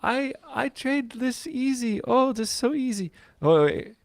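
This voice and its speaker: A man's voice: extremely high pitch, expressive, a little slow, gravelly, no echo, pitched above the performer's own voice, heavily acted. A man voicing a boastful female YouTube trader with a mock Russian accent, showy and gloating.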